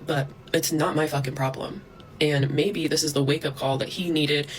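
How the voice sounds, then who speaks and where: A woman's voice: low-pitched, steady tone, normal speed, a little hiss or hum, low-quality recording. A woman vlogger delivering a heated, profane rant to camera, breaking into scornful laughs. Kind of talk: ranting monologue to camera.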